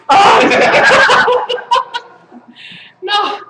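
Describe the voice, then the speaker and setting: Very high-pitched woman, crude live poet. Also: big pitch swings, moderate pace, long pauses. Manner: crude, joking, profane. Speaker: performance poet. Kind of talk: live comic poetry reading with banter. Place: coffee shop venue. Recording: echoey room, noisy live stream.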